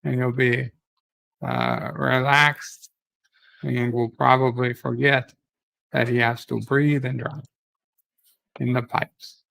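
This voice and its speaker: A man's voice: medium pitch, vocal fry, fairly bright tone, full character voice, poor audio. A man voicing a cheeky Australian waiter with upbeat, salesy patter in a put-on Australian accent.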